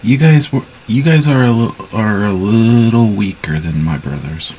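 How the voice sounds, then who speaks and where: A man's voice: fairly low pitch, lively intonation, moderate pace, darkish tone, a little hiss or hum, poor audio. A man improvising his part in a casual role-play, hesitant and full of restarts. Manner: hesitant, many restarts and fillers.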